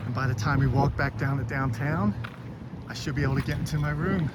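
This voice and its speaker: A man narrating a casual travel vlog in a relaxed, rambling way while running errands. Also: mid-range voice, fairly quick. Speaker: thru-hiker vlogger. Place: outdoors in a town. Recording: outdoor street noise.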